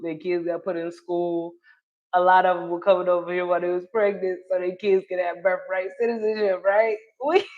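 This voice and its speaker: A woman from North Carolina, hosting a livestream. She chats casually, answers viewer comments and laughs often. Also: lowish voice. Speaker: livestream host reading chat. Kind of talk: casual opinion chat. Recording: dull lo-fi stream audio.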